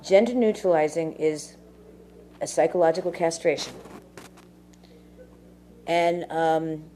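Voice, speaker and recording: A woman's voice: deep voice, slow, mellow, a little hiss or hum. A woman ranting casually to camera in a rambling, profane way, full of fillers. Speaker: vlogger.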